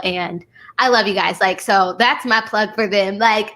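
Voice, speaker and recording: A woman's voice: on the high side, animated, normal speed, sharp tone. A woman hosting a casual live stream, enthusiastic, reading viewer comments aloud and saying "y'all.". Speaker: host.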